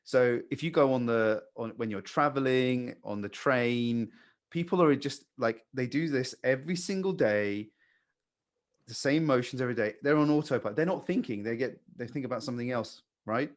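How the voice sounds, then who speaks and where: A man coaching new hires on sales calls, calm and blunt, swearing casually. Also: medium pitch, moderate pace. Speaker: sales trainer.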